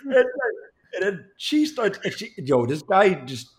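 Young man, podcast co-host, casual storytelling, profane, lively swinging pitch, laughs often. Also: a little slow. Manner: profane, animated, laughs while telling.

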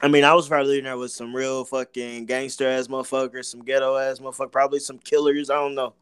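Smooth-voiced young man, casual podcast talk. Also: medium pitch, level tone, fast, a bit bright, dry recording, studio quality. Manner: casual, swears freely, calls his friend bro. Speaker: podcast co-host. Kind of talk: casual chat. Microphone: own mic, remote call.

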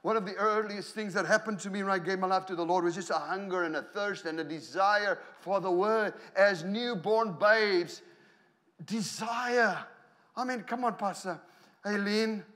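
Middle-aged Australian male pastor, high voice, sermon delivery, lively and laughing, bursts of shouting. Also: moderate pace. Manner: animated storytelling with laughs and shouted hallelujahs.

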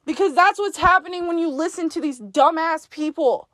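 A podcast host with a high voice gives herself a forceful, profane pep talk in the second person, blunt and insistent, at a moderate pace. The recording is dry and close, with no room sound, in this self-directed monologue.

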